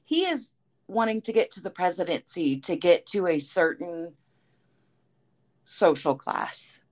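A woman's voice: fairly low pitch, big pitch swings, unhurried, a little mellow. A woman co-hosting a podcast, making earnest, emphatic points in casual political chat. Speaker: podcast co-host and editor.

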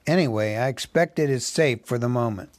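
A man reading a calm, willing dwarf. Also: mid-range voice, a little fast, no room sound, natural voice. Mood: steady. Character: steady willing old-hearted dwarf, adult male.

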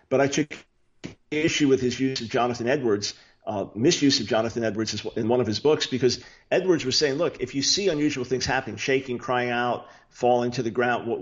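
A man's voice: mid-range voice, muffled recording. A man as an interview guest, an author explaining theology earnestly with frequent restarts. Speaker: guest, Bible teacher and author.

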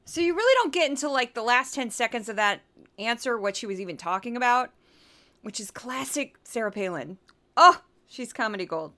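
Animated Missouri-accented woman host, bright and sharp. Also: fairly high pitch, fairly quick. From Midwest US. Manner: chatty, animated, often laughing. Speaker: podcast host. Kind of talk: casual commentary.

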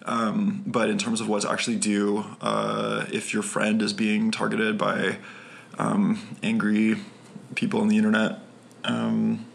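A man co-hosting a podcast in casual conversation, with a low-key, unexcited delivery. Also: completely flat delivery, a little slow, vocal fry. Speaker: podcast co-host.

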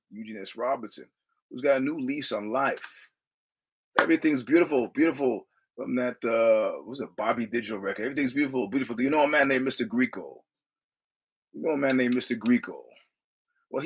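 Husky-voiced man hosting a podcast. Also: mid-range voice, a bit bright. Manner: digressive, quotes film lines, laughs often. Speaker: podcast host. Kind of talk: rambling casual monologue.

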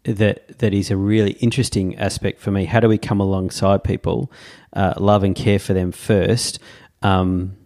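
A man with a very low voice talks through his thoughts in a casual podcast conversation. He pauses often and fills the gaps with soft "um"s as he works his ideas out. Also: little pitch movement. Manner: reflective, many "um" pauses. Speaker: podcast guest, father.

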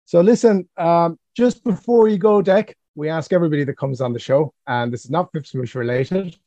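A man's voice: on the high side, a little fast, mellow, no room sound, dull audio. A man hosting a casual interview, asking his guest the show's regular question. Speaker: podcast host.

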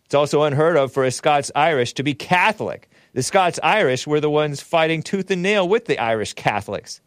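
A man's voice: medium pitch, dry recording, clean studio sound. A man hosting a livestream talk show, reading viewer messages aloud and chatting in a rambling, chuckling way. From United States.

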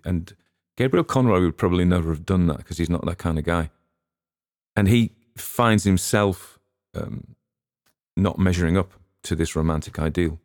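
A man's voice: low voice, normal speed, darkish tone, no echo, clean studio sound. A man, hosting a podcast and chatting in a rambling, musing way with plenty of restarts. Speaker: podcast host. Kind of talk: casual rambling commentary.

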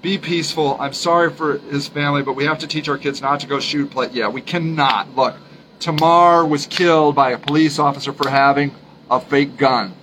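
A man's voice: a little high, fairly even intonation, background noise. A man hosting a solo podcast, talking earnestly and emphatically, often repeating his points and restarting sentences. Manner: halting, frequent restarts. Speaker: podcast host.

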